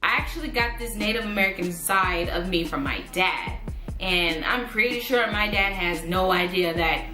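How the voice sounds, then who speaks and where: A woman's voice: on the low side, normal speed, roomy sound, music in the background. A woman in her twenties vlogging casually to camera, rambling and thinking aloud with lots of fillers. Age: 20s.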